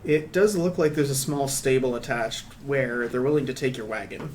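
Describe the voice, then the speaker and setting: A man narrating a tabletop game as game master, relaxed and rambling, with casual asides. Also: medium pitch, normal speed, a little hiss or hum.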